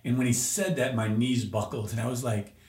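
A man's voice: mid-range voice, steady tone, brisk, a little mellow. A man telling an emotional personal story as a podcast guest, earnest and searching, with restarts. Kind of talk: personal testimony in an interview. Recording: roomy echo.

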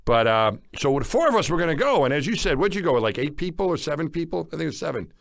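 A man, a former astronaut, telling an anecdote in casual chat and acting out quoted lines with excitement. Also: rapid-fire, gravelly, dry recording. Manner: animated, acts out quoted dialogue with rising pitch. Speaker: former astronaut, podcast co-host.

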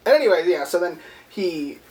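A man's voice: high-pitched, sing-song, normal speed, darkish tone. A man co-hosting a movie podcast, recapping the plot in profane, rambling casual chat and acting out quotes. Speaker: podcast co-host.

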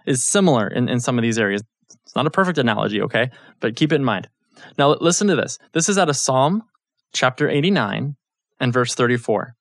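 A man's voice: mid-range voice, a bit bright, no room sound. Conversational man teaching faith, dry sound. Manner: conversational, storytelling, frequent check-ins with listeners. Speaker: Bible teacher. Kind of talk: casual teaching talk.

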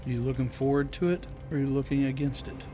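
A man's voice: mid-range voice, quick pace, music in the background, close to an everyday voice. A man voicing a weary, knowing warrior in a tabletop game, speaking earnestly in warning.

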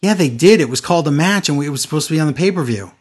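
Male co-host, husky and slightly high, sarcastic recap banter. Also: expressive, rapid-fire. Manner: sarcastic, mocking recap with quoted voices. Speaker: podcast co-host recapping wrestling. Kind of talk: casual chat.

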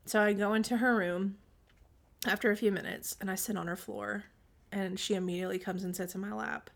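Brief: woman in her 30s, podcast co-host, lively storyteller who acts out quotes, clears her throat often. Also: medium pitch, a little fast. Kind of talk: casual chat.

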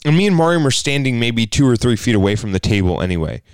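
A man co-hosting a podcast, telling a story in casual chat, animated and profane, acting out the people in it. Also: medium pitch, fast talker, smooth, no echo, clean studio sound. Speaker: podcast co-host.

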